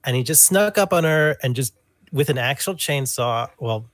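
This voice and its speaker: Podcast dude thinking out loud, unsure, lots of ums, dry sound. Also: male voice, medium pitch, lively intonation, normal speed, no room sound. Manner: hesitant, puzzled questions, lots of fillers. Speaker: podcast co-host. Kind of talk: casual chat.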